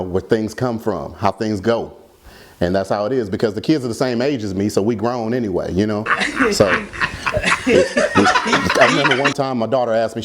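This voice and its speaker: A man's voice: fairly low pitch, slight background noise. A man performing stand-up comedy about his kids, with a rambling, self-deprecating delivery.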